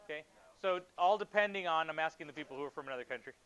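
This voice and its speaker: A male math teacher with a bright, fairly high voice leads a lively classroom lesson. He asks students questions and jokes with them between steps. The recording is dull and lo-fi. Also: racing, clear, resonant tone. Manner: playful, joking with students.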